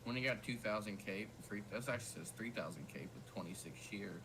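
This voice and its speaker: A man's voice: lowish voice, fast talker. Southern young man on a noisy stream. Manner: excitable, stumbling over words. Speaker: weather stream host. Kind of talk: casual livestream weather talk.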